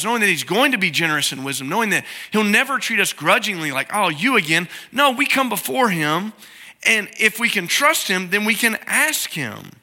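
A middle-aged man preaching a sermon in a conversational way, now and then acting out prayers in a softer, lower voice. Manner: conversational preaching, acts out quoted prayers in a soft low voice. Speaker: pastor.

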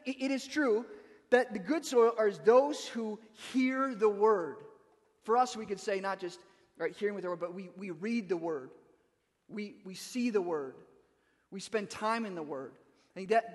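A man's voice: high voice, long reverb tail. A man preaching a sermon as pastor, speaking in a conversational way with frequent restarts and asides.

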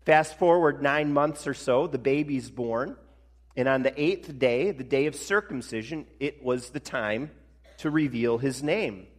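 A male pastor preaching a sermon in a conversational way, slowing down for emphasis. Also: medium pitch. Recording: long reverb of a large hall.

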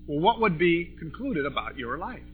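A man preaching a sermon to a congregation, impassioned, swinging between loud and soft. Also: a little high, sing-song, normal speed. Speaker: pastor. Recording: tinny phone-like recording with faint music.

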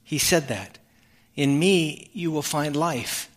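A man's voice: fairly high pitch, slow pace. A male pastor giving an earnest sermon, often restarting his phrases as he explains a passage of scripture. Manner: earnest preaching with repeated restarts. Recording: long hall reverb.

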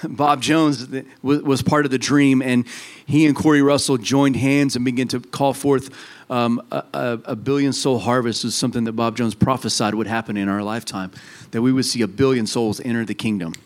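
A man's voice: mid-range voice, steady tone, normal speed. A man preaching a sermon as a pastor, earnest and fervent.

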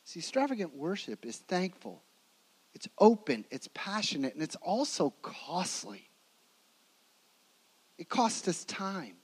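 A man with a fairly high voice delivers a sermon as a vivid retelling. He leans hard into some phrases and drops almost to a hush on others, pulling listeners into the scene. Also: sing-song, unhurried, pauses often, breathy edge, low-quality recording. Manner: dramatic storytelling, swinging between emphatic and hushed. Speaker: preacher.

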